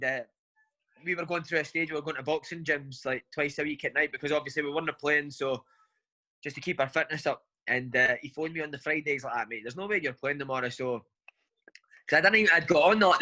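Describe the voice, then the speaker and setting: A footballer guest chats in an interview, his voice a little high, a little fast, bright and forceful. He tells long anecdotes and says "mate" constantly, all on a rough recording.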